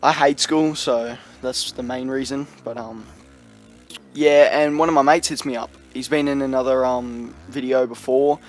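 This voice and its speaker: A man's voice: medium pitch, steady tone, normal speed, soft background music. Rambling young guy. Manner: rambling, slangy, lots of "you know" and "like". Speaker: vlogger. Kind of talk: storytime vlog, casual.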